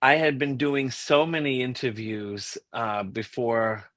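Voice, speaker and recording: American man, tenor guest, very slow speech, relaxed, laughs easily, dry close sound. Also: mid-range voice, dry recording. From United States. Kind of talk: casual interview answers.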